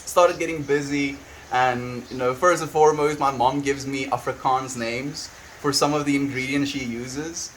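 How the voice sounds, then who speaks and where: A man's voice: mid-range voice, fairly even intonation, moderate pace, a bit bright, a little hiss or hum, poor audio. A young man livestreaming from home, chatting casually and rambling, laughing often and restarting sentences as he vents and reads chat. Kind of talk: casual chat, venting and reading chat. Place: at home on a farm.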